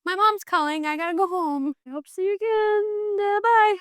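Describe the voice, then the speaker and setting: A woman voicing a flustered young man who excuses himself in a halting, sheepish way. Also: very high voice, steady tone, fairly bright tone, no echo, clean studio sound, voice pushed up.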